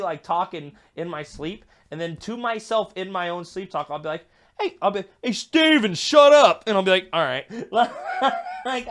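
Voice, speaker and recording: A young man and guest comedian telling loose, profane stories in casual podcast chat, laughing often. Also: high-pitched.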